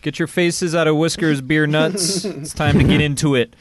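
A man's voice: on the high side, steady tone, normal speed, few pauses, no echo, studio quality. A man co-hosting a podcast in casual chat, joking crudely and teasing the others. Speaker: podcast co-host.

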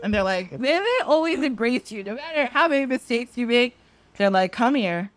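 A woman's voice: a little high, big pitch swings, a little fast, slight background noise. A woman hosting a podcast, chatting casually and laughing often as she acts out quotes. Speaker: podcast host. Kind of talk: casual chat.

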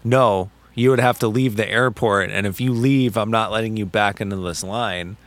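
A man's voice: fairly low pitch, normal speed. Man telling a profane story. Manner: animated, profane storytelling with quoted exchanges. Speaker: podcast co-host. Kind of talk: casual storytelling chat.

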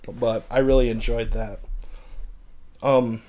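A man co-hosting a casual gossip podcast with his wife, animated and joking, breaking into loud outbursts. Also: mid-range voice, normal speed. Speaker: podcast co-host.

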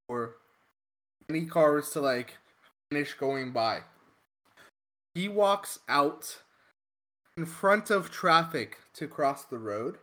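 Slow, animated man telling a profane story. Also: fairly high pitch. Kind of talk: casual storytelling chat.

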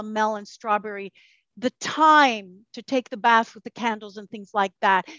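A woman talking as a podcast guest in casual chat, animated, swearing freely and acting out voices she quotes. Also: high-pitched, dry recording, muffled recording.

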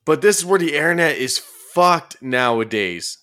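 A man's voice: fairly high pitch, moderate pace. A man hosting a podcast and chatting casually, telling stories loosely with plenty of swearing and sudden bursts of emphasis. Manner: loose and profane, animated storytelling with bursts of emphasis. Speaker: podcast host and commentary YouTuber.

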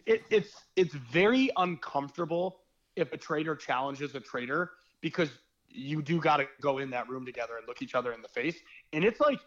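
A young man, a former reality game contestant, telling stories in a rambling, animated casual chat. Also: fairly high pitch, fairly quick, lo-fi sound. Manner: rambling, animated storytelling with fillers.

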